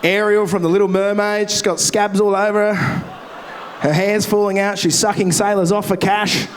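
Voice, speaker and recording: A young Australian man tears through a crude stand-up set in a bright, high voice. He speaks into a handheld mic on a festival stage, and there is a faint noise bed behind him. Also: fairly even intonation. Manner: brash, crude, rapid-fire. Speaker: stand-up comedian.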